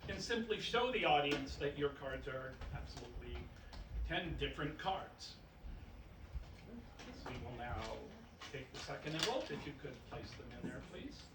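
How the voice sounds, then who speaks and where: Animated laughing showman, echoey live stage. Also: fairly high pitch, moderate pace. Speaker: stage magician and comic storyteller. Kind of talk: live stage patter and joke telling. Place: stage in a hall with a live audience. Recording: roomy, distant live stage recording with noise.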